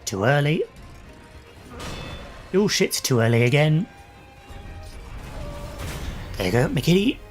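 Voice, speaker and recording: A man's voice: fairly high pitch, sing-song, unhurried, faint music behind. A young adult man casually commentating his own gameplay, swearing and reacting aloud as he fights. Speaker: gaming channel host.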